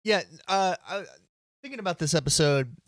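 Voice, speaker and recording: A man's voice: sits high, animated, normal speed, no echo. A man in casual podcast chat, making dry, teasing jokes about a TV episode.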